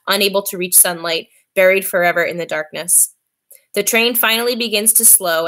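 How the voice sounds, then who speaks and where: A woman reading a novel aloud in a steady, clear voice. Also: mid-range voice. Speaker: reader.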